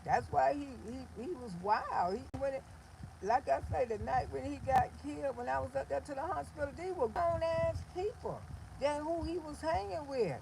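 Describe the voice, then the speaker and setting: Gravelly older woman telling blunt stories. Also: high voice, normal speed, background noise. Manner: blunt, animated storytelling with quoted asides. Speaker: livestream host. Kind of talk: casual monologue on a livestream.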